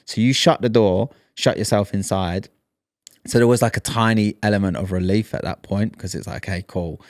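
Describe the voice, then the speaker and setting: Man in his thirties, deeper voice, dry close sound, animated storyteller, podcast co-host. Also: normal speed, dry recording. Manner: animated storyteller, acts out quoted lines. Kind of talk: casual storytelling chat.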